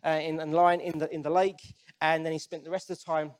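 Brisk and flat in delivery, this slightly high male voice belongs to a preacher speaking earnestly and conversationally. He keeps restarting his sentences and addresses direct questions to the congregation.

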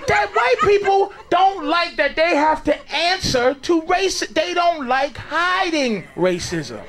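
A man doing a stand-up routine, ranting loudly and swearing, played from a live club recording. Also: very high voice, sing-song, takes it slowly. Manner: loud, ranting, swearing delivery. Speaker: stand-up comedian. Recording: live club clip with loud crowd laughter and noise. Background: audience laughing.

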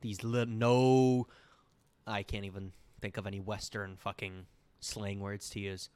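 A man's voice: lowish voice, level tone, measured pace, darkish tone, smooth. A man in his twenties co-hosting a podcast, giggly and swearing a lot through casual banter on a close mic. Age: 20s. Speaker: podcast co-host.

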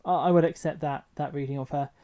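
A man co-hosting a casual podcast chat with a dry, teasing, measured manner. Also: fairly high pitch, fairly even intonation, mellow. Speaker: podcast co-host.

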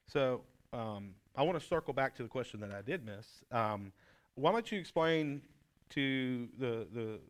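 A man's voice: mid-range voice, animated, a little slow. A male pastor leading a conversational sermon with his wife, joking, self-deprecating and asking her questions. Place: church room with a group.

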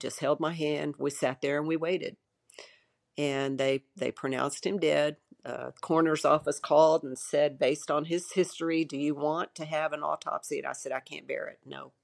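A middle-aged woman quietly telling her own story in an interview, halting at times and acting out what people said. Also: low voice, creaky, no room sound, studio quality. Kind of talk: personal testimony in an interview.

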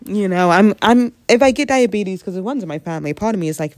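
A young adult woman with a stuffy head cold vlogs in a rambling, jokey, self-deprecating manner. Her voice is medium in pitch, fast, and a little mellow, fitting a casual confessional chat.

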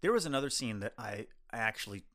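A man's voice: mid-range voice, quick pace. A man co-hosting a podcast in casual chat, retelling film scenes with lots of laughter. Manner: animated, retells scenes with quoted voices and laughter. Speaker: podcast co-host.

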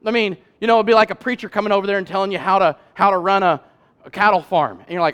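A man preaching a sermon as pastor, talking in a loose conversational way and building to loud, emphatic peaks. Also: sits high, steady tone, fast talker, clear, resonant tone.

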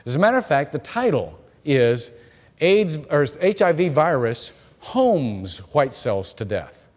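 A male pastor preaching a sermon, telling stories in an animated way with frequent repeated words. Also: a little high, measured pace. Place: church hall. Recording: long reverb of a church hall.

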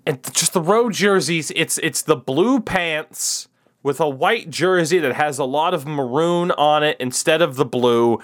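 A man's voice: on the high side, measured pace. A man hosting a casual podcast, talking in an opinionated, rambling way. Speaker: podcast host. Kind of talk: casual hockey podcast chat.

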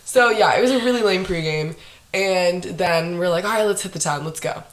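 A young woman tells a story on a casual podcast, her voice sitting a little low for a woman. She talks animatedly, laughs often, leans heavily on "like" and swears freely. The room gives her voice a noticeable echo. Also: fairly quick. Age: young adult. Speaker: podcast host. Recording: echoey room.

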